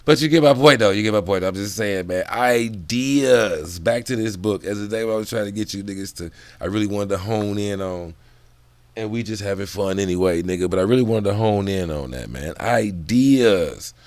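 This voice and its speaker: A man's voice: fairly low pitch, normal speed, a little mellow, dry recording. A man in casual, profane book commentary, drifting off on tangents and laughing between thoughts. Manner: loose, profane, digressive talk.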